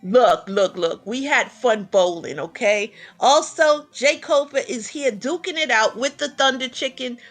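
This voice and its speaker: A woman with a New York accent commentates a game tournament in a lively, excitable way, laughing often. Her voice sits a little high, with soft music underneath. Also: a little slow, few pauses.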